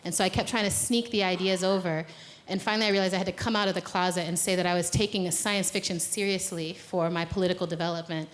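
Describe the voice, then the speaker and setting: On a conference stage, an American woman who helped organize the event leads a guided exercise, then moves into a playful, conversational talk. Her voice sits fairly low with fairly even intonation, and she speaks at a quick pace, laughing at her own jokes.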